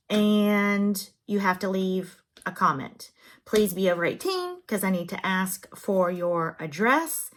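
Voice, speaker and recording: Woman, Southern US accent, middle-aged, unhurried, mid-pitched, friendly craft vlog host. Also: a bit bright. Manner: chatty and encouraging, drawn-out phrasing. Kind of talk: casual vlog chat.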